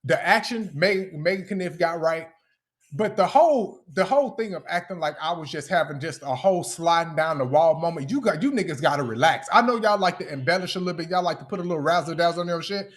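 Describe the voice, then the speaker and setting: This is an angry live-stream rant: a young man, voice pitched on the high side and delivery brisk, takes on his critics with heated, confrontational swearing.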